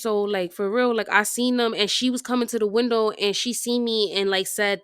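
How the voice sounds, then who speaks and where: A woman telling a story casually over gameplay, retelling it in an animated, slangy way with constant fillers. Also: fairly high pitch, normal speed, smooth, dry recording, studio quality. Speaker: storytime vlogger.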